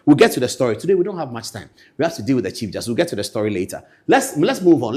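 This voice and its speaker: Animated Ghanaian man, lively pitch. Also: quick pace. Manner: animated, swinging from loud outbursts to low asides. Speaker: political commentary host. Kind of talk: political commentary.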